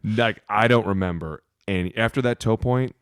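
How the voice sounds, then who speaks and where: Low-voiced man telling a rambling story. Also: normal speed, clean tone, dry recording, studio quality. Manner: rambling, profane storytelling, often laughing. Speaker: podcast co-host, former offensive lineman; youth football coach. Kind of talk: casual podcast banter.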